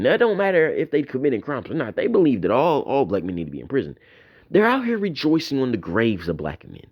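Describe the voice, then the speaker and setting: A man's voice: a little high, wildly swooping pitch, brisk. A man delivering a profane, mocking tirade in a commentary video. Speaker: YouTube commentator.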